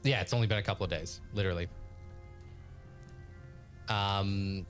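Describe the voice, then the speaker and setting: A man's voice: sits low, steady tone, normal speed, faint music behind. A man narrating as game master of a tabletop game, in a loose, hesitant way full of fillers.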